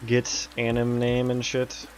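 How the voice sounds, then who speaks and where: A man's voice: mid-range voice, monotone, slow, soft background music. A young man chatting casually while he works on his game, rambling, swearing and laughing now and then. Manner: rambling, laid-back, swears and laughs often. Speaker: game developer streaming his work. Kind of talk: casual chat while coding.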